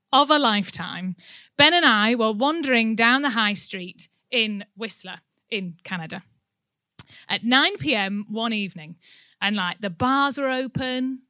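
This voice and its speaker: Bright-voiced woman telling a story. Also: on the high side, a little slow, no room sound. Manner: animated anecdotal, laughing often. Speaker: church speaker. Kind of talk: sermon with personal storytelling. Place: indoor room with an audience.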